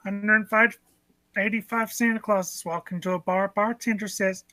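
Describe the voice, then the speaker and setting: A woman's voice: mid-range voice, fairly even intonation, normal speed, pushed and bright, no echo. A woman improviser reeling off joke punchlines on a video call. Her delivery is playful, and the sound is dry and close with no room around it. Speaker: improv performer.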